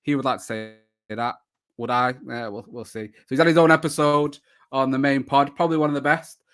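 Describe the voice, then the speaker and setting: A man's voice: mid-range voice, fairly even intonation, a little fast, fairly bright tone, clear, resonant tone. A man hosting a live football shirt show, chatting casually with many fillers and restarts. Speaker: podcast host.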